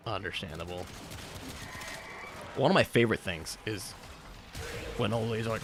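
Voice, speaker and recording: A man's voice: lowish voice, moderate pace, long pauses, noisy background. A young man chatting casually with his stream chat while gaming, rambling, sarcastic and swearing a lot.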